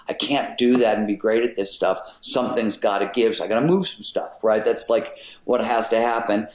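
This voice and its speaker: A fairly low, slightly mellow male voice belongs to a middle-aged podcast guest. He explains his ideas with casual emphasis and the occasional swear in an informal interview, recorded with echoey room sound.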